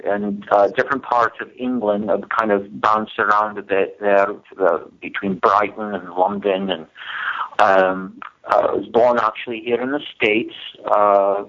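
A man's voice: fairly low pitch, a bit bright. Wry middle-aged man with a mild Scottish accent. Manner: wry and self-deprecating, hesitant with fillers. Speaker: radio guest, musician. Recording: muffled, dull sound.

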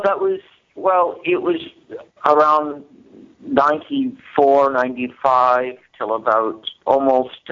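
A man's voice: mid-range voice, fairly bright tone. Wry middle-aged man with a mild Scottish accent. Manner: wry and self-deprecating, hesitant with fillers. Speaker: radio guest, musician. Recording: muffled, dull sound.

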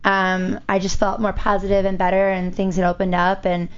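Smooth-voiced enthusiastic woman. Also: mid-range voice, monotone, moderate pace. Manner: enthusiastic, rambling with many fillers. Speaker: guest sharing her experience. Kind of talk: casual chat. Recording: dull lo-fi recording.

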